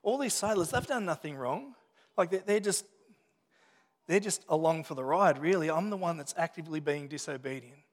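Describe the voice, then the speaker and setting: A man's voice: a little high, animated, moderate pace. A man preaching a sermon as a pastor, talking it through conversationally with restarts and asides. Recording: long reverb of a hall.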